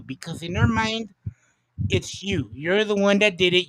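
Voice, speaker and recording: High-voiced emphatic man on a livestream. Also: moderate pace, sharp tone, no room sound. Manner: emphatic, repeats himself, swears. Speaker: livestream host. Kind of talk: casual livestream chat.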